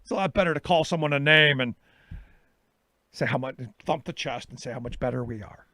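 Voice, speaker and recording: A man's voice: medium pitch, a little fast, pushed and bright, dry recording. A middle-aged male talk show host telling a story in a casual monologue and acting out his own exchanges.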